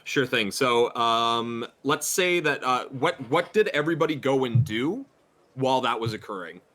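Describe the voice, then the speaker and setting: A man's voice: mid-range voice, lively intonation, moderate pace, a bit bright. A man narrating a tabletop horror game as game master, hesitant with many fillers.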